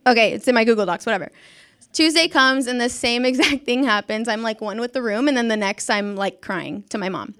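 Chatty young woman with a smooth voice. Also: a little high, a little fast, a bit bright. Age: young adult. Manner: chatty, self-mocking, acts out quotes, laughs often. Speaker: former schoolteacher. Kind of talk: casual storytelling.

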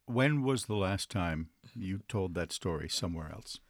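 A man hosting an interview, asking relaxed, conversational questions. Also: low-pitched, normal speed, dry recording, clean studio sound. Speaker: host.

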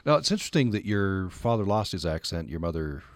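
A man with a Utah accent hosting a radio interview, relaxed and conversational with many fillers. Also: deep voice, brisk, dry recording, studio quality. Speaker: radio host. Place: radio studio. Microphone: studio microphone.

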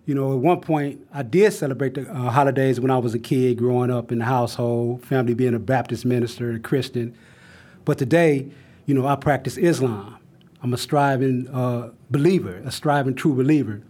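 A middle-aged man with a mid-range voice talks in a calm, measured way. He shares a reflective personal account at a round table. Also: mid-range voice.

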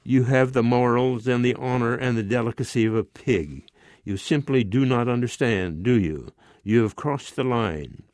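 A man's voice: medium pitch, moderate pace, a little mellow, no echo, close to an everyday voice. A man in his nineties reading a storybook role, voicing a pompous former cavalry lieutenant who lectures condescendingly. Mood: indignant. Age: 90s. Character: pompous self-important male ex-cavalry lieutenant.

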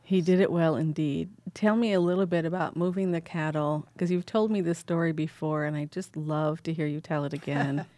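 A woman's voice: low voice, steady tone, brisk, hardly any pauses, dark tone, no echo. A woman hosting a public radio interview, asking attentive questions. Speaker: radio host.

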